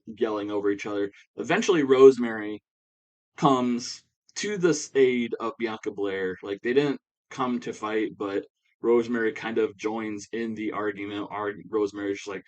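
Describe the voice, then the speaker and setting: A man with a somewhat low voice talks through a wrestling-sim recap in a loose, offhand way. He rambles and leans on fillers like "you know" and "uh," as if thinking out loud. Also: steady tone, normal speed, poor audio. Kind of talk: casual play-by-play recap.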